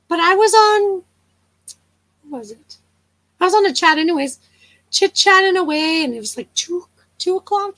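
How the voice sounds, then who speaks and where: A woman's voice: sits high, fairly bright tone, no echo, poor audio. A woman hosting a casual live chat, telling stories, chatting with viewers and laughing often. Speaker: livestream host.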